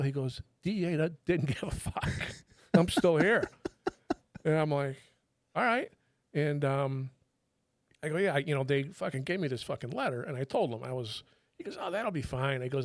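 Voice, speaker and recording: A middle-aged man who retired from federal law enforcement tells stories animatedly and casually in a slightly high voice. Swearing freely, he quotes people by imitating their voices, in clean studio sound without room tone.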